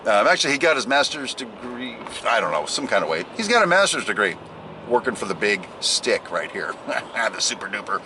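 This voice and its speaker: A man's voice: medium pitch, very animated, a little fast, noisy background. A man talking casually to the camera while driving, rambling and joking at himself. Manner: rambling, jokey, self-deprecating. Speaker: vlogger. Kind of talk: casual driving vlog monologue.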